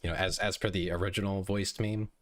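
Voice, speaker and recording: A man's voice: deep voice, little pitch movement, quick pace, fairly bright tone. A young man streaming live, chatting casually with viewers in a joking, self-deprecating way.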